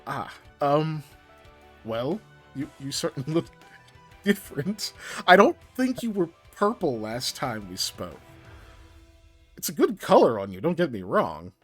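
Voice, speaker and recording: A man voicing a suave male devil who flatters and gently mocks, with a voice pitched a bit above his own, in a tabletop game. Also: measured pace, long pauses, faint music behind, heavily acted. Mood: teasing. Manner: smooth, flattering, gently mocking. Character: suave teasing male devil, generous patron.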